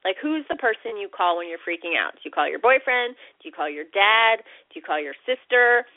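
A woman's voice: mid-range voice, big pitch swings, fairly quick, no room sound, phone-quality sound. A woman hosting a spiritual self-help podcast, talking casually and chattily, laughing often and slipping into playful dramatic asides. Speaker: podcast host.

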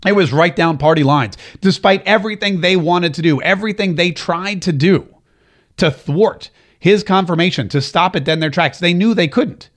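A man's voice: high voice, moderate pace, a bit bright. A male talk radio host delivering a political monologue, sarcastic and emphatic, repeating phrases for effect.

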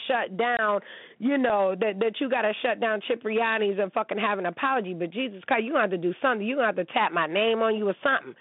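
A woman's voice: on the high side, no echo. A woman hosting a show, ranting in a blunt, profane and sassy casual way. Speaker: host. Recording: tinny phone-like sound, dry.

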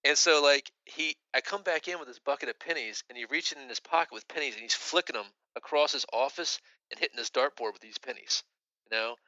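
Rambling storyteller man, bright dry voice. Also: medium pitch, fairly quick, dry recording, lo-fi sound. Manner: rambling, many restarts and "like" fillers. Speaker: podcast co-host. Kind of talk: casual storytelling chat.

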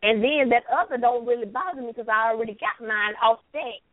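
A woman's voice: on the high side, fairly quick, dry recording. A woman hosting a casual talk show, speaking frankly and openly about intimate topics. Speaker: host. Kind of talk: casual chat. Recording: dry, tinny phone-like sound.

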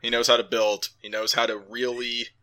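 A man joining a casual podcast as a guest, animated and teasing, with sarcastic asides. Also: mid-range voice, normal speed. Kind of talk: casual comedic podcast banter.

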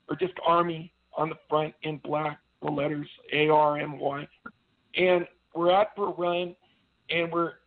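A man, an army veteran and radio guest, telling earnest, meandering stories in a casual way. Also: fairly high pitch. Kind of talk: casual phone-in storytelling. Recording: tinny phone line.

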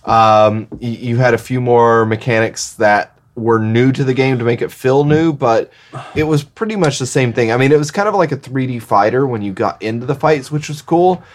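A man co-hosting a casual gaming podcast, speaking in a measured way and often stammering at the start of his sentences. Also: mid-range voice. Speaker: podcast co-host. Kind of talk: casual chat.

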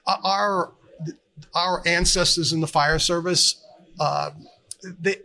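A man's voice: a little high, steady tone, creaky, bright, forceful tone. A middle-aged man, a fire service counselor, talking earnestly as a guest in a live interview, often restarting his sentences. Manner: earnest, halting with many restarts. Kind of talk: candid conversational interview. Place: live podcast at a trade conference.

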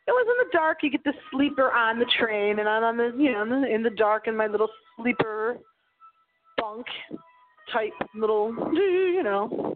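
A woman in her forties hosting a paranormal radio show, speaking into a small microphone with a dramatic storytelling delivery. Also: on the high side. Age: 40s. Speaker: radio host. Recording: tinny phone-like audio.

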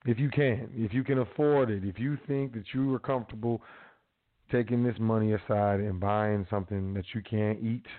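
A man's voice: on the low side, fairly even intonation, moderate pace. A man hosting a show, talking in a rambling, slangy, casual advice monologue. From South Side of Chicago. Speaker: host. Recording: phone-like narrow sound.

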